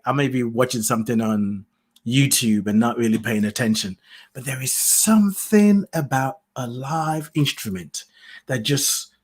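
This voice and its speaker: A man hosting his own podcast, giving a rambling spiritual talk, musing aloud, laughing often and losing his thread. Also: mid-range voice. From lives in the UK. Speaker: podcast host. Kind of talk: spiritual talk, casual monologue. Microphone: solo podcast mic, self-produced.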